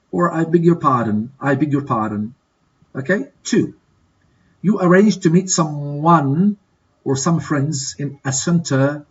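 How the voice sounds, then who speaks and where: A man with a somewhat high, husky voice teaches an English class. He reads out each prompt, then says the answers over and over, checking in with his listeners. The recording sounds dull and low-fi. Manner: repeats model answers slowly and checks with "okay?". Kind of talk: classroom exercise walkthrough.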